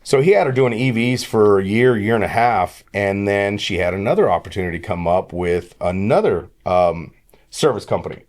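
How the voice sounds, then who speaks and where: Lively, rambling middle-aged man. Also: fairly low pitch, moderate pace. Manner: rambling, animated storyteller who acts out quoted dialogue. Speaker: podcast guest. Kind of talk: casual storytelling.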